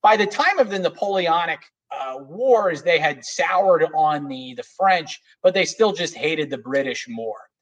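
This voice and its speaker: Male podcast guest, slightly high voice, rambling, filler-heavy delivery. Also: lively intonation, measured pace, few pauses, rough recording. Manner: rambling, many fillers and restarts. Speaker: guest historian. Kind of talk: casual podcast interview.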